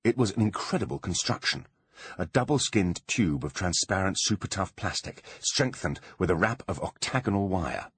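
Low, husky, animated male narrator. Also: moderate pace. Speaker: audiobook narrator. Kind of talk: storybook narration.

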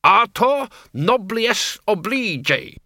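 A man's voice: sits high, very animated, drawn-out words, no room sound, clean studio sound, voice pushed up, exaggerated voice. A man voicing a fierce, bossy middle-aged woman who orders her husband about. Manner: sharp, nagging, commanding.

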